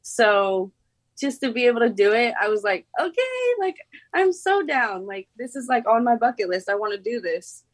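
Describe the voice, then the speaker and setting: A woman's voice: medium pitch, steady tone, a little fast, no room sound. A young woman from Oklahoma in her late teens, a former contestant chatting casually in an interview, bubbly and giggly with lots of "like" fillers.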